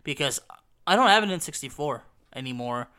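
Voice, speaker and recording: A hoarse man talks casually into the mic, his voice bright and smooth beneath the roughness. He rambles with many "you know" fillers as he hosts his show. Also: a little high, animated, brisk. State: hoarse and coughing while recovering. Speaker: podcast host. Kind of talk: casual solo talk about video games.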